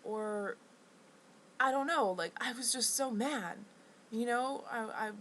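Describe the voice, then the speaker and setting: A woman telling a rambling personal story to camera. She talks in a halting, restless way, full of restarts and fillers, and sounds indignant. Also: a little high, a bit bright, slight background noise, rough recording. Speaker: vlogger.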